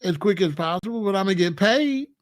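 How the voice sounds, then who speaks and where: A man's voice: high-pitched, animated, a little fast. A man hosting his own commentary channel, joking and bragging in a casual, streetwise rant.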